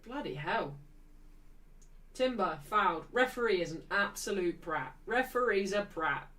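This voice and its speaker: A woman's voice: mid-range voice, lively intonation, measured pace, pushed and bright, distant mic, poor audio. A woman hosting a football watchalong stream, ranting and swearing as she talks to her chat. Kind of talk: casual live-stream chat.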